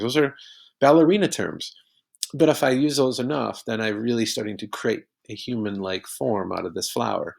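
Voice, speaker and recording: A man's voice: medium pitch, vocal fry. A man teaching a recorded poetry lesson, patiently explaining step by step with examples.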